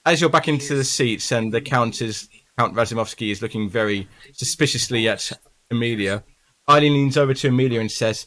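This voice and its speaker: A man's voice: mid-range voice, a little fast, a bit bright. Casual man narrating a tabletop game. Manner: casual, frequent ums and likes. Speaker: game master.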